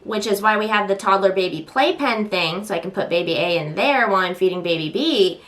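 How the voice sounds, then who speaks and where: A young woman vlogging as a mom, chatting casually and venting with exasperation, popping into high squeals when she acts out voices. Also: expressive, brisk, fairly bright tone.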